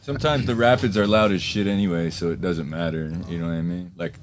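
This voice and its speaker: A man's voice: sits low, fairly even intonation, quick pace, slight background noise. A man in casual podcast chat, talking in slangy, profane banter.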